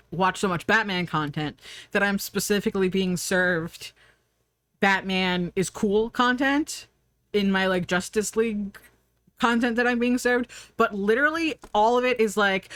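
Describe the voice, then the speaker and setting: A woman streaming live as she draws, talking in a loose, rambling way and breaking into giggles. Her voice sits at a middling pitch. The sound is dry and close. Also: normal speed, pauses often, a bit bright, no room sound. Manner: rambling, giggly, answers chat. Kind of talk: casual livestream chat while drawing.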